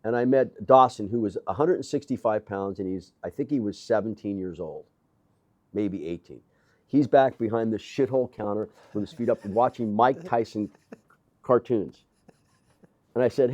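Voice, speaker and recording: An older man, a gym owner, telling animated stories in casual conversation with quoted dialogue and blunt, profane language. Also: on the low side, moderate pace, muffled recording. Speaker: gym owner, interview guest. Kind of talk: casual storytelling. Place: gym office.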